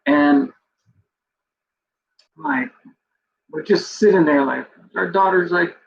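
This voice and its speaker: Host, man, gravelly and a bit high, rambling emotional storyteller; dull lo-fi recording. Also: sing-song, slow pace. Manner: rambling, full of "you know" and "like"; emotional, near tears. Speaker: podcast host. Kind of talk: personal storytelling. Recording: dull lo-fi recording with faint background noise.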